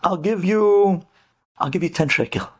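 A man's voice: high voice, normal speed, voice pushed up. A man voicing an earnest young religious scholar who argues his point insistently.

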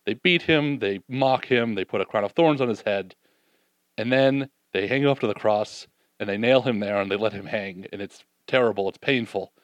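A man with a lowish voice preaches a sermon, reading scripture and animatedly acting out the disciples' doubts before growing soft and slow to reflect. There's no room sound in the recording.

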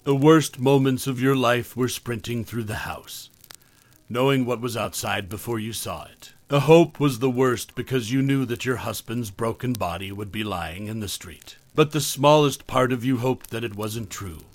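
A cold, commanding woman medium who smokes through every sentence, voiced by a man reading the story. The delivery is blunt and sharp at a middle pitch, recorded dry and close. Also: normal speed, no echo, natural voice.

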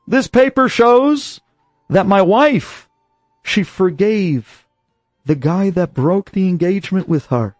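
A man voicing a revered elderly rabbi who pleads gently and insistently in a story he is telling. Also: high-pitched, brisk, no echo, clean studio sound, soft background music, voice pushed up, lightly acted. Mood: earnest. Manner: pleading, earnest.

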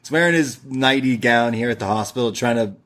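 Man, mid-pitched voice, jokey podcast co-host, quick reactions. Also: a bit bright. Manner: jokey, chimes in with quick reactions and sound effects. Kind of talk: casual wrestling review chat.

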